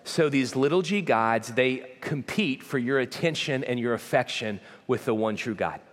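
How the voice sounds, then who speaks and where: A man's voice: medium pitch, moderate pace. A man preaching a sermon as pastor, in an emphatic, repetitive preaching cadence. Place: church auditorium. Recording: long hall reverb.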